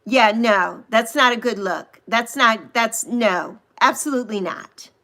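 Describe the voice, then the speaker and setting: A woman in her sixties hosting a casual livestream, chatting with viewers and gushing over them with drawn-out coos. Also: fairly high pitch, pushed and bright. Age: 60s. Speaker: livestream host. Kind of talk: casual livestream chat reading viewer comments.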